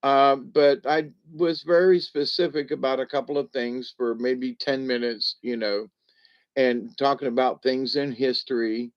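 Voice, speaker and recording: A man's voice: medium pitch, steady tone, measured pace, lo-fi sound. A man in his seventies hosting a casual livestream, chuckling often and rambling with restarts as he reads the chat. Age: 70s. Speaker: livestream host reading chat.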